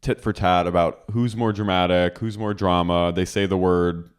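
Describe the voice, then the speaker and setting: A man's voice: low voice, normal speed, smooth. A man co-hosting a podcast, casually recapping a reality show and acting out the quotes with animation. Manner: animated storyteller, acts out quotes. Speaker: podcast co-host.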